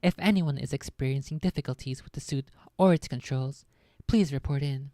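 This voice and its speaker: A woman reading aloud and voicing a calm, authoritative woman scientist in a measured, commanding way. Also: very deep voice, dry recording, clean studio sound. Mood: firm.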